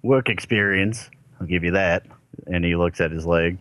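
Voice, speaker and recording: A man's voice: low voice, normal speed, a bit bright, no room sound. A man playing a tabletop role-playing game, speaking in character with a sarcastic edge and frequent laughter. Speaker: player.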